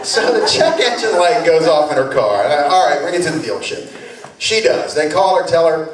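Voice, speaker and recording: A male comedian doing a stand-up set, telling a story in an animated, conversational way with impressions. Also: on the high side, moderate pace, background noise. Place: comedy club stage. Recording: roomy club sound from a distance, audience.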